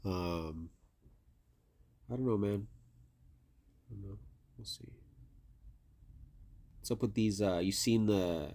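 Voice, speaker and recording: Male co-host, low voice, casual rambling chat. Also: takes it slowly, pauses often, dark tone. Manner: rambling, swears a lot, trails off with "I don't know". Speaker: podcast co-host.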